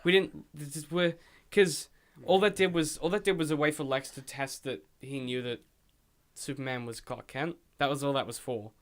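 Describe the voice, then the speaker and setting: A man's voice: fairly high pitch, fairly even intonation, moderate pace. A young man co-hosting a casual film review podcast, ranting animatedly and swearing freely. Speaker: podcast co-host.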